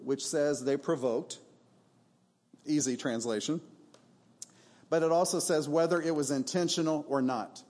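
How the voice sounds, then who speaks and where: A man's voice: on the high side, a little mellow. A male pastor preaching a sermon in a church, emphatic and conversational, with rhetorical questions.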